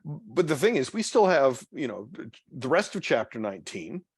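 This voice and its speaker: Man, church study leader, mid pitch, halting, lots of ums and restarts, dry close sound. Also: big pitch swings, breathy edge, dry recording. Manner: halting, many fillers and restarts. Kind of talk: unscripted Bible study talk. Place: church meeting room.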